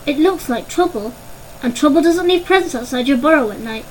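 A woman's voice: high-pitched, lively intonation, fairly quick, slight background noise, poor audio. A woman doing a sulky little boy rabbit. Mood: uneasy. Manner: petulant, sarcastic.

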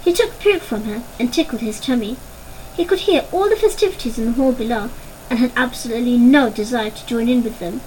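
A woman narrating a children's storybook in an expressive, dramatic way. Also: a little high, a little fast, a little hiss or hum, rough recording.

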